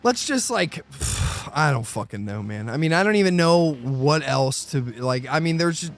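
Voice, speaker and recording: A man's voice: a little high, animated, soft background music. Profane, chatty male podcast host. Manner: profane, retells scenes with quick put-on quotes. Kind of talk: casual movie review chat.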